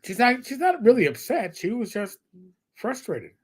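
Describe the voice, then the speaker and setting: A man's voice: extremely high pitch, very animated, moderate pace, breathy edge. A man, co-hosting a casual live stream and telling rambling stories with casual swearing. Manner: rambling storyteller, swears casually, imitates his cat. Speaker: co-host of a gaming health live stream. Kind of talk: casual chat.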